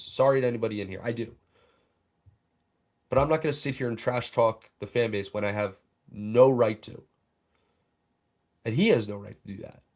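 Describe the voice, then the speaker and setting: A man's voice: mid-range voice, a little mellow. A young man hosting a fan show, ranting angrily and heatedly about a sports analyst. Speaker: fan podcast host. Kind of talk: livestream rant.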